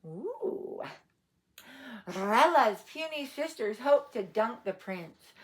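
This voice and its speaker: A woman's voice: medium pitch, animated, takes it slowly. A woman reading a picture book aloud to children, adding playful asides and questions for her listeners. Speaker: storyteller. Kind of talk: read-aloud storytime for children.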